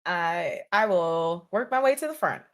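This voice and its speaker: A woman playing a noble in a tabletop game, mixing a haughty tone in character with soft hesitations. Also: fairly low pitch, expressive, unhurried. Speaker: player. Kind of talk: tabletop role-play.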